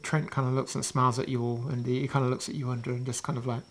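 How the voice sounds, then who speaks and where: A man with a New Zealand accent narrating as game master of a tabletop game, rambling with many pauses and restarts. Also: medium pitch, level tone, a little hiss or hum.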